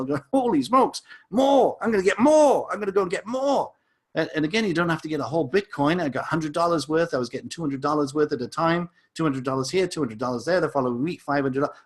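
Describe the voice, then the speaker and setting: A man teaching a crypto lesson over a chart, enthusiastic and salesy, with frequent repeated words and asides. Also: on the high side. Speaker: crypto educator.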